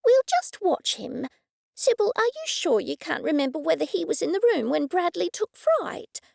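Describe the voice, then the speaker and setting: A woman voicing a lively, cheerful female friend who runs a boarding house, speaking in a bright, chirpy way. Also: very high-pitched, normal speed, creaky, no room sound, pitched above the performer's own voice, exaggerated voice.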